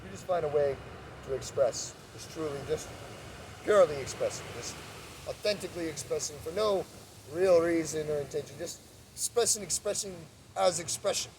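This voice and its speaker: A man giving a spiritual talk, who swings from soft, calm speech to loud mocking voices. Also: on the high side, normal speed, recorded from a distance, noisy background. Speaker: spiritual teacher. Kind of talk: spiritual monologue.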